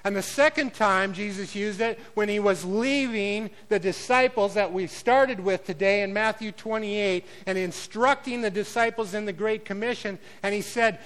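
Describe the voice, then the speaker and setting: A man preaching a sermon as pastor, swinging between loud declarations and quiet, conversational asides. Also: sits high, normal speed, hardly any pauses, rough recording.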